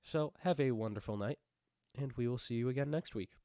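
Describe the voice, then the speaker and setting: A man's voice: mid-range voice, fairly quick, dark tone, clear, resonant tone, dry recording. A congested young man co-hosting a podcast, chatting in a laid-back, joking way. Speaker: podcast co-host. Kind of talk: casual podcast chat.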